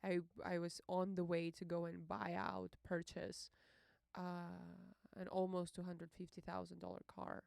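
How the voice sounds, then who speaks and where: A young woman hosting a podcast, telling a personal story in an emotional, halting way, with many fillers and curses. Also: lowish voice, monotone, gravelly, darkish tone, dry recording, clean studio sound. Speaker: podcast host.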